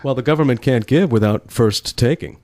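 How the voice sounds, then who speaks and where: A man's voice: mid-range voice, moderate pace, a little mellow. A man hosting a political talk show, wry and folksy, ticking through points with a recurring catchphrase. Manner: folksy, wry, repeats a catchphrase, chuckles at own jokes. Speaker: host.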